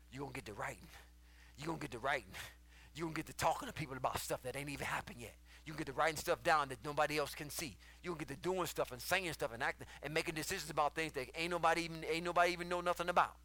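A man preaching a sermon, in rhythmic, repeating phrases that swell loud and high and then drop low. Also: fast talker. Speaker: preacher and podcast host.

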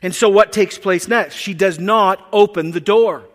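High-voiced pastor in a reverberant hall. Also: male voice, a little slow. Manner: animated storytelling, acting out the characters. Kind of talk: sermon.

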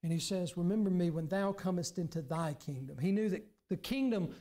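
A man preaching a sermon as pastor in a church, earnest, now and then dropping to a hushed, pleading voice. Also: high-pitched. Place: church sanctuary.

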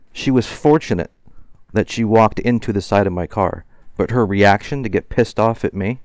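A man in his forties tells an angry story in a fired-up, ranting way. His voice sits fairly low and sounds close and dry, with little room around it. He laughs as he goes and swears casually. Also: fairly quick, a little mellow, smooth, dry recording. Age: 40s. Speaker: vlogger.

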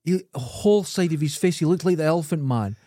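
A man's voice: a little high, expressive, fast, mellow, dry recording. Sweary Scottish man, dry close sound. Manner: sweary, teasing storyteller. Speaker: podcast co-host. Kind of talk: casual chat.

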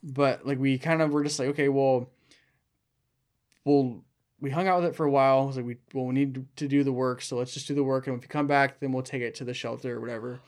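A young man with a medium-pitched, fairly flat voice talks quickly in a casual podcast chat. As co-host, he rambles and packs his speech with "like."

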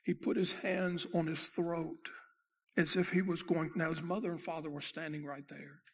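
A pastor giving a sermon with a gravelly, rough-edged voice that sits high for a man. He tells his story dramatically, rising loud, then dropping to a near hush. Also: level tone, moderate pace.

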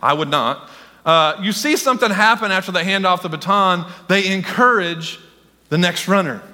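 An excitable male pastor with a high, bright voice delivers a sermon to his congregation. He calls on people in the pews and keeps getting carried away. The sound rings with the long reverb of a church hall. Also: normal speed. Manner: excitable, talks directly to the congregation. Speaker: senior pastor. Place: church sanctuary.

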